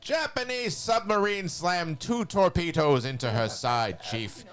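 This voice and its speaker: A nasal, sneering villain sorcerer with a skeletal edge, as a man puts on a high voice. The pitch sits well above a normal speaking voice, and every line comes out as a menacing dramatic reading. It sounds like a cartoon baddie reciting a long story. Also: lively intonation, unhurried, fairly bright tone, smooth, faint music behind. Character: evil skeletal male sorcerer, cackling villain. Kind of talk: dramatic monologue reading in a character voice.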